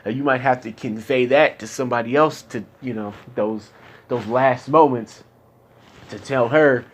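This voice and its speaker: A man's voice: medium pitch, normal speed. A young man talking candidly with his therapist, frustrated and profane, his voice climbing into anger as he vents. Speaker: patient in therapy.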